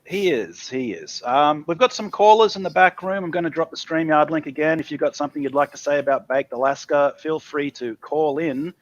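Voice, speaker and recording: A man's voice: fairly high pitch, fairly quick, hardly any pauses, lo-fi sound. A man hosting a live call-in stream show, exasperated and profane. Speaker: host.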